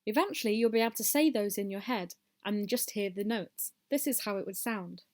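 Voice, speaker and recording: A woman's voice: medium pitch, brisk. A woman teaching a music lesson step by step, counting beats aloud and encouraging the class.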